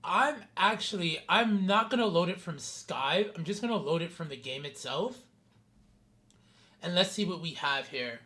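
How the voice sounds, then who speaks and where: A man's voice: sits high, expressive, normal speed, sharp tone. A man streaming a city-building game, chatting casually with his viewers by name and swearing freely. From New York City. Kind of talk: casual live-stream gameplay commentary.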